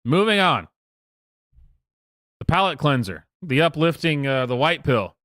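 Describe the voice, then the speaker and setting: A man's voice: on the high side, sing-song, unhurried, fairly bright tone, no room sound, studio quality. A man streaming live, rambling through profane commentary with many fillers and restarts. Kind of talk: casual livestream commentary.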